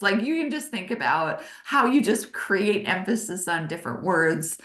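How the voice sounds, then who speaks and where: Animated woman in her forties, roomy echo. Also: fairly low pitch, moderate pace, few pauses. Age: 40s. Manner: animated and emphatic, talks with her hands. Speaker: leadership consultant hosting a webinar. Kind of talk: energetic webinar teaching.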